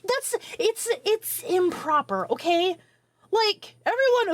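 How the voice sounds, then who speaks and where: A woman in her thirties, a streamer telling a long personal story to her viewers in a profane, rambling, animated way. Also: very high voice, a little slow, no echo. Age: 30s.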